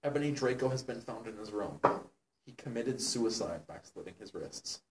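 A man's voice: on the low side, animated, normal speed. A young man reading a fan story aloud in a mock-serious way and breaking off to comment between lines. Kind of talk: comedic dramatic reading. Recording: roomy, distant mic with faint noise.

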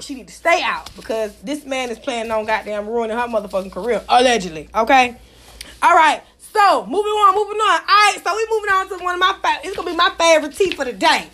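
A woman hosting a celebrity gossip show, talking in a brash, profane, animated way. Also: sits high. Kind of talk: casual celebrity gossip talk.

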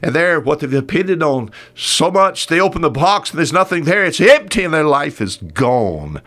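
Very animated and at a normal pace, a man preaches his weekly radio sermon with emphasis, his voice climbing high to press each point and sinking to a hushed, low tone when things turn serious.

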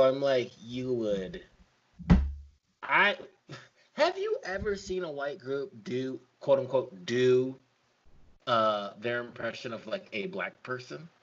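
A man in casual podcast chat, animated and often laughing, swinging between loud and quiet. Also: mid-range voice, measured pace, highs cut off.

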